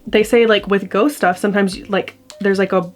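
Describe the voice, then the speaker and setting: A woman's voice: medium pitch, steady tone, normal speed, faint music behind. Chatty young woman telling a story. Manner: chatty, rambling, heavy use of "like". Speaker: vlogger. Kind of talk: casual storytelling to camera. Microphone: camera mic.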